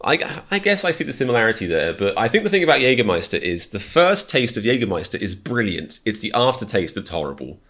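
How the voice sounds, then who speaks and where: A man's voice: lowish voice, very animated, fast, hardly any pauses, a bit bright. A British man hosting a reaction video, rambling through self-mocking rants with many restarts. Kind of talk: casual reaction commentary.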